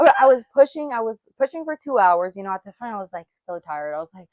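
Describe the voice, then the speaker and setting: Here a young woman on a laid-back podcast recounts something that happened to her, her fairly high voice animated and rapid with hardly a pause. Laughter comes often, and she performs the quotes as she goes. There's no room echo on the recording.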